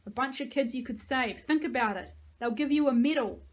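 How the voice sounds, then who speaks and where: A woman reading aloud, voicing a stern older female officer who scolds and yells. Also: high voice, fairly quick, pitched above the performer's own voice. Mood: scolding. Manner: scolding, yelling.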